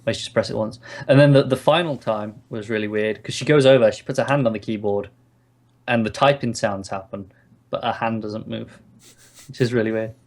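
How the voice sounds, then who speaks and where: A man's voice: lowish voice, fairly even intonation, fairly quick, a little mellow. Tipsy man ranting about TV. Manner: wry, sweary, tipsy. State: drunk. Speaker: co-host. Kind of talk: casual TV review chat.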